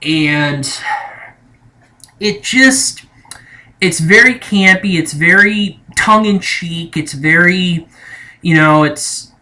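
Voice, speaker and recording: A man's voice: sits high, slow, long pauses, pushed and bright. A young man talking casually as a movie reviewer, rambling and hesitant, often correcting himself mid-sentence. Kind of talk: casual spoken movie ranking.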